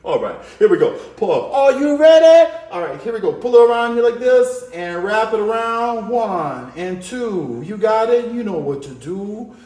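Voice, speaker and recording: A man leads a children's drawing lesson with a bright, high-pitched voice, full of playful hype and call-outs to the kids. He drops in little sound effects as he draws. The room around him rings with echo. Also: expressive, normal speed, hardly any pauses. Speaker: art teacher. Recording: echoey room.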